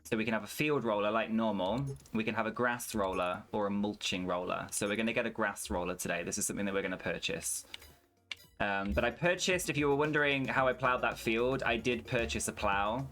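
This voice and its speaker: A man's voice: on the low side, brisk, fairly bright tone, soft background music. A young man streaming a farming game, chatting casually and swearing freely while he rants. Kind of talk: casual gameplay commentary.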